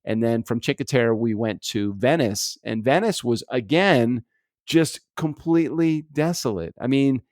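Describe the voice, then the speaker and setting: A man's voice: medium pitch, a little slow, a little mellow, no room sound, studio quality. An American man co-hosting a podcast in casual chat, rambling, laughing often and swearing freely. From United States. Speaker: podcast co-host. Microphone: remote podcast recording setup.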